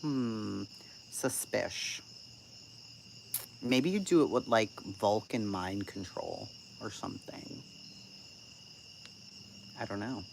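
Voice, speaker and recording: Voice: mid-range voice, slow pace, vocal fry, long pauses, darkish tone, slight background noise. A channel host giving casual live-stream commentary and answering chat, blunt, profane and sarcastic.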